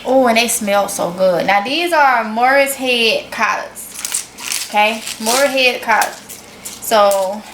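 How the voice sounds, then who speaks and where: A woman's voice: a little high, takes it slowly, roomy sound, noisy background. A woman with a Mississippi Southern accent, chatting folksily to her viewers in a casual cooking vlog. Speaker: vlogger.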